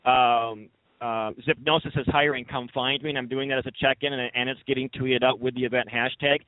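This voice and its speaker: A man's voice: medium pitch, fairly even intonation, brisk, dry recording. A man on a recruiting panel, emphatic and argumentative, often cutting in on others. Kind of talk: lively panel discussion. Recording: dry, thin phone-like sound.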